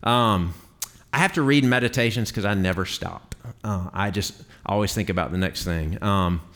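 A low-voiced man leads a Bible class in a classroom. His talk is chatty and relaxed, full of filler words and quick restarts as he explains to the group. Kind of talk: conversational Bible teaching.

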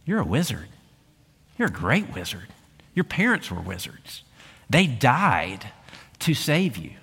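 A preacher retelling a story as a gentle, earnest half-giant man who speaks with emphasis, a little lower and softer than ordinary talk. His voice carries the long reverb of a church hall. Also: huge pitch swings, unhurried, vocal fry, breathy edge, full character voice.

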